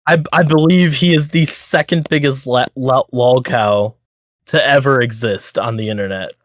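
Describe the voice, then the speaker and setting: A man co-hosting a podcast in casual chat, animated and swearing freely, often repeating words as he thinks. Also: mid-range voice, normal speed, no room sound. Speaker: podcast co-host.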